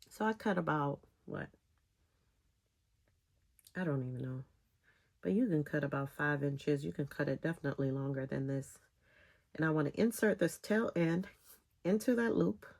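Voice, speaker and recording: A woman giving a casual step-by-step knitting tutorial, talking in halting phrases with pauses between them. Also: sits low, creaky, darkish tone. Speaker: knitting instructor.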